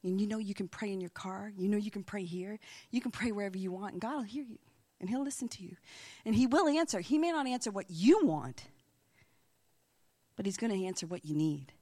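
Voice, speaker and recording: A woman's voice: mid-range voice, lively intonation, a little fast, mellow. A middle-aged woman sharing a faith testimony in a chatty, earnest storytelling style. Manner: chatty, acts out quoted voices in dialogue. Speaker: Christian speaker.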